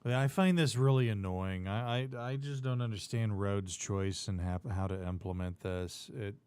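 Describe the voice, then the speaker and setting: A man's voice: on the low side, normal speed, darkish tone, smooth, dry recording. A man co-hosting a tech livestream, thinking aloud and grumbling wryly about settings. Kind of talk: casual chat.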